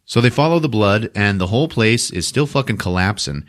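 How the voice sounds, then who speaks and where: Animated profane man recapping a movie. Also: lowish voice, fairly quick. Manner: profane, laughing, acts out characters in sudden loud shouted voices. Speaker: podcast host recapping a movie.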